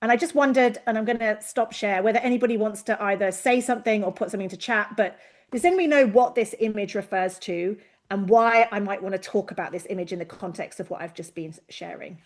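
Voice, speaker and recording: Speaking quickly, a woman invited as an expert gives an online presentation on a video call for a learning session. Her delivery is animated, and she performs quoted voices with large pitch leaps.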